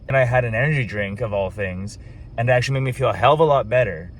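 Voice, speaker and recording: A man's voice: medium pitch, rapid-fire, a little hiss or hum. A young man vlogging, telling stories in a loose, chatty way full of casual swearing. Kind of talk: casual vlog storytelling.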